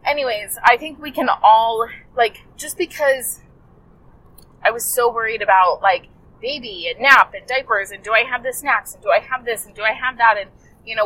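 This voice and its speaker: A woman's voice: a little high, normal speed, a bit bright, low-quality recording. Woman coach telling a story to her listeners, chatty, heartfelt, keeps restarting sentences. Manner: rambling, self-correcting, heartfelt. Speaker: health coach podcaster.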